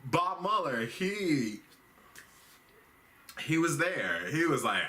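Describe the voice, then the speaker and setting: A man's voice: on the high side, very animated, slow, pauses often, pushed and bright. A man hosting a comedic news recap, rambling in a loose, slangy, profane way. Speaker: host.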